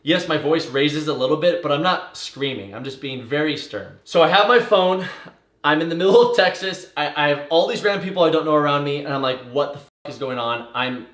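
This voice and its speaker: A man recounts a wild personal story in loose, conversational storytelling, packed with fillers and casual swearing. His voice sits a bit high for a man. The room around him rings with a noticeable echo. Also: a little fast. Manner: animated, tumbling retelling with swearing and fillers. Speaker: vlogger telling a story. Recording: echoey room.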